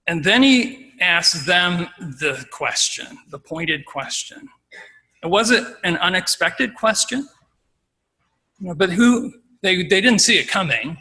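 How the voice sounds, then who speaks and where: Bright-voiced man preaching. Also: high voice, lively intonation, slow, breathy edge, low-quality recording. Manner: informal, acts out scenes. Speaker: lay preacher giving an exhortation. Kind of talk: conversational sermon.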